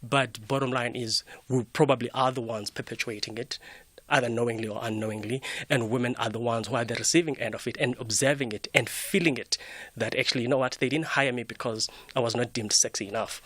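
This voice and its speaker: A man, a studio guest in a radio discussion, earnest and measured with stammering starts. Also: mid-range voice, steady tone, fairly bright tone, no echo.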